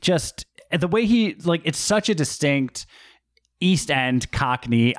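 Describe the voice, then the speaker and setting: A man's voice: fairly high pitch, very animated, takes it slowly, no echo. A man co-hosting a podcast in casual movie-review chat, making wry, dry joking asides. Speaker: podcast co-host.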